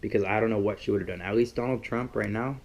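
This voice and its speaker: Young guy with a lowish voice rambling his opinions on camera, lots of likes and rights, faint hum behind. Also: steady tone, fast talker, vocal fry. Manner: casual, rambling, filler-heavy. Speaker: vlogger. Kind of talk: rambling political opinion vlog.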